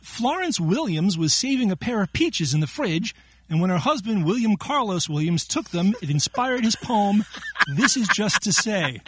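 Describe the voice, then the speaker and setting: A man's voice: high voice, normal speed, a little hiss or hum. A man running a playful word quiz, joking and laughing often as he reads the questions. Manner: jokey, laughs often, animated delivery. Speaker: quiz segment contributor.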